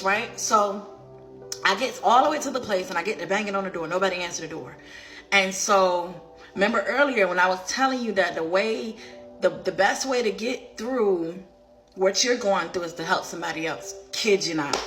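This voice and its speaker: A woman and life coach sharing a personal faith testimony, speaking in an animated, conversational way and near tears at times. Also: mid-range voice, moderate pace, faint music behind.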